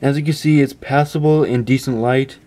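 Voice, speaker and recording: A man's voice: mid-range voice, steady tone, fairly quick, warm tone. A man giving a casual phone review indoors, chatty and stumbling over his words, often stopping to apologize. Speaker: tech reviewer.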